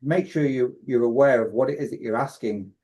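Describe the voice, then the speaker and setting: This man hosts a podcast and sums up advice point by point, often restarting his sentences. His voice is warm and relaxed, sitting at a middling pitch. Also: brisk. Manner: recaps points as a list, with frequent restarts. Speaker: coach and podcast host. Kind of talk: casual podcast discussion.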